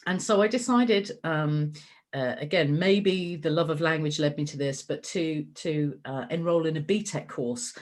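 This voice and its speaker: A middle-aged woman with a low-pitched voice, talking as the guest in a relaxed interview. She is chatty and circles back with fillers and restarts. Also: moderate pace. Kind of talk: conversational interview.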